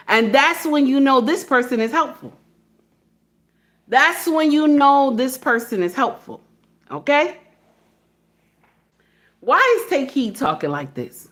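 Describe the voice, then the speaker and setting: A woman speaking in a casual monologue, blunt and animated, acting out phone calls and driving points home with repeated "okay?". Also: sits high, slow pace, pauses often. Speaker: social media commentator.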